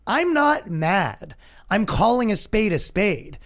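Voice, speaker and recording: A comedian hosting his own podcast, ranting in a loud, yelling tone that he calls having fun. His slightly high voice swings up and down all the time, and he swears constantly. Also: takes it slowly. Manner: profane, animated, with a yelling tone. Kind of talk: casual podcast rant.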